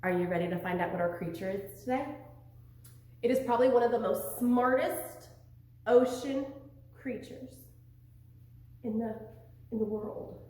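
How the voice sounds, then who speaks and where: A woman teaching an online preschool lesson, encouraging and animated, with a sing-song delivery, in a very echoey room away from the mic. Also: fairly high pitch, measured pace, pauses often, distant mic.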